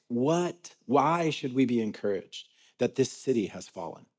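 Mellow-voiced casual pastor. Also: male voice, medium pitch. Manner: casual and enthusiastic, with fillers and restarts. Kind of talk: sermon introduction and prayer. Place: church service.

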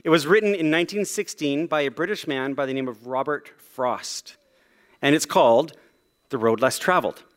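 A man delivers a sermon in a fairly high voice, talking to the congregation like friends. He is casual and self-deprecating, with frequent ums and restarts. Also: normal speed. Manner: conversational and self-deprecating, with many fillers. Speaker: pastor.

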